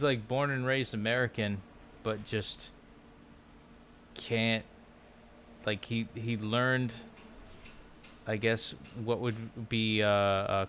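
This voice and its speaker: A man's voice: on the low side, flat delivery, slow pace, pauses often, fairly bright tone, a little hiss or hum. Rambling man musing on a couch. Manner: musing, loose, full of "like" and restarts. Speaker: language-learning vlogger. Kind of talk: casual rambling chat. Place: at home on a low couch. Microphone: laptop microphone.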